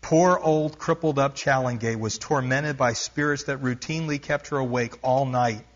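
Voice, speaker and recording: A male preacher reads a dramatic story from a book to his congregation. His voice sits at a middling pitch and grows louder as the tension builds. The recording is dull and lo-fi. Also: fairly even intonation, normal speed. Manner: reads aloud with rising intensity, stops to explain asides. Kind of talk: sermon reading a missionary book aloud.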